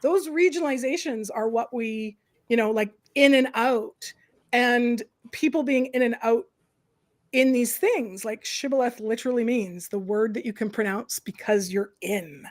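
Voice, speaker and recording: A woman host chatting casually on a livestream, animated and opinionated, tossing in "like" and "right?" often. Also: fairly high pitch, unhurried. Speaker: host, professor and counsellor.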